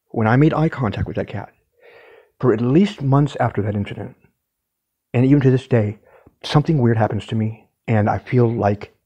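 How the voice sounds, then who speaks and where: A man's voice: mid-range voice, mellow, slightly rough, lo-fi sound. A man telling a personal story casually, in an intense, emphatic way and with some swearing.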